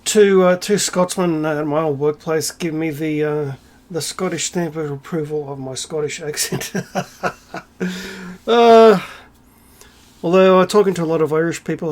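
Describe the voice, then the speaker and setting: A man hosting his own channel delivers a ranting solo vlog monologue, sarcastic and irreverent, with swearing, bursts of emphasis, and laughter. His voice is fairly high, at a measured pace with frequent pauses.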